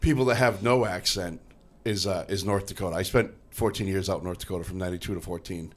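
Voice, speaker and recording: A man's voice: low-pitched, fast. A man in casual podcast chat, telling stories and dropping into put-on voices for the people he quotes. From northeastern United States. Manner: storytelling with put-on voices, profane. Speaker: podcast co-host.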